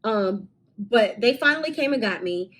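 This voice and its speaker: A young woman in her twenties, telling a storytime vlog in a candid, animated way with casual swearing. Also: fairly high pitch, normal speed, rough recording. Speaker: vlogger.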